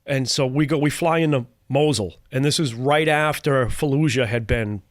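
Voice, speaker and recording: A man's voice: medium pitch, normal speed, dry recording, clean studio sound. A man, a comedian, telling stories casually and acting out other people's lines in shifting voices. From Cambridge, Massachusetts. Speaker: comedian guest. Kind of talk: casual storytelling.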